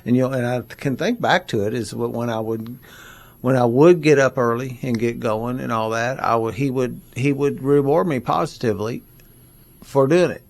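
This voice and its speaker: A man with a gravelly, creaky voice talks on a recovery podcast. He speaks reflectively, searching for words with halting restarts. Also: medium pitch, no room sound. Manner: reflective, halting, many fillers. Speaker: podcast co-host. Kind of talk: casual recovery podcast talk.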